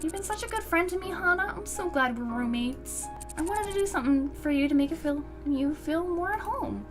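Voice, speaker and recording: A woman's voice: very high voice, animated, brisk, music in the background. A woman voicing a bubbly, bossy young roommate. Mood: tender. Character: peppy bossy young female college roommate. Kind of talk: visual novel voice acting.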